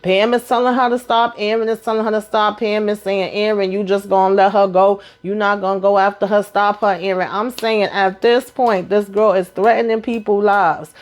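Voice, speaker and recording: A woman casually recapping a TV episode, acting out characters' lines in quick, animated bursts and blunt, profane asides. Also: medium pitch. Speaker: TV show recap host.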